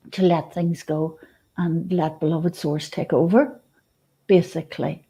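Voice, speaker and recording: Woman guest, soft mellow tone, slow reflective spiritual musing, lots of restarts. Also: lowish voice, slightly rough. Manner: unhurried, many restarts and fillers. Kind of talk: reflective spiritual talk on radio.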